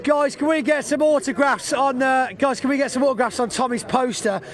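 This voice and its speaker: A man presenting live while walking around an outdoor race circuit, chatting and joking with guests. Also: very high voice. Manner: chatty, jokey, quick asides. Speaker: trackside presenter.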